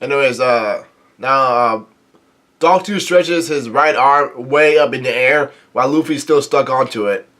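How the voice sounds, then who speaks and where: Man, young adult, casual comic recap, slow delivery, halting, frequent self-corrections. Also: medium pitch, fairly bright tone. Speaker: manga reader and recapper.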